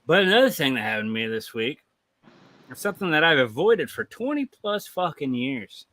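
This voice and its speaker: A man in his thirties hosting a livestream, telling stories in casual chat with lots of swearing and animated energy. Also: on the high side, moderate pace. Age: 30s. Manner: profane, animated storytelling. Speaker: livestream host.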